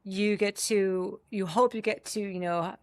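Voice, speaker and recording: A woman psychotherapist talks as a guest in a relaxed conversation. Her voice is mid-pitched, and her phrasing is thoughtful and halting. The recording is dry and close. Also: dry recording. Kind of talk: casual chat.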